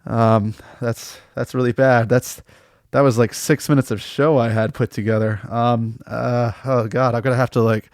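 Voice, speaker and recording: A man hosting a comedy podcast, delivering an absurd mock-serious monologue that jumps in pitch and breaks into awkward laughter. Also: little pitch movement, normal speed, a little mellow, no room sound, studio quality.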